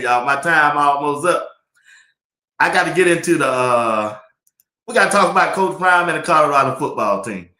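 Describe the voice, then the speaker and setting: A man's voice: fairly high pitch, bright, forceful tone. A man hosting a live sports talk stream, laughing often and chatting loosely while reading viewer comments. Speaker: livestream sports talk host. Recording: echoey room.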